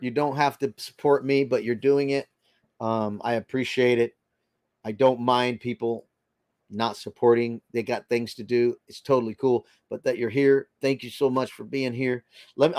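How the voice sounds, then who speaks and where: Man, faint boston accent, live-stream host, rambling casual chat, mid-pitched voice, dry close sound. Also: darkish tone, dry recording. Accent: slight Boston. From Boston area. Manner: rambling, greets viewers by name, frequent fillers.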